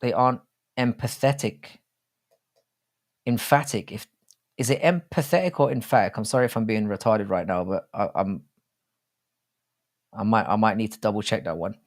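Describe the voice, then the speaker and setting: A man's voice: lowish voice, fairly quick, pauses often. A young man hosting a casual live stream, rambling and swearing freely with many restarts.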